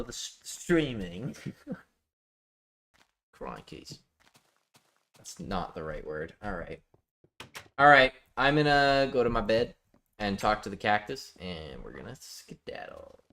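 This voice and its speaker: A man's voice: lowish voice, a bit bright. A man chatting casually with his viewers while live-streaming a building game, reading out chat and joking. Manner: chatty, reads chat aloud, jokey.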